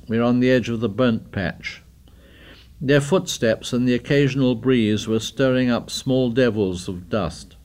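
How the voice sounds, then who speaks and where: A man narrating a novel for an audiobook, measured and deliberate. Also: medium pitch, a little mellow.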